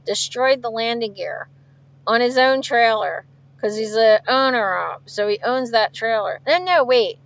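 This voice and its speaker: A woman's voice: fairly high pitch, lively intonation, unhurried, vocal fry. Chatty trucker woman, lo-fi stream. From outside Philadelphia. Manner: chatty, laughs often, reads viewer comments aloud. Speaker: truck driver livestreaming. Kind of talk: casual livestream chat answering viewers. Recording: dull lo-fi stream audio.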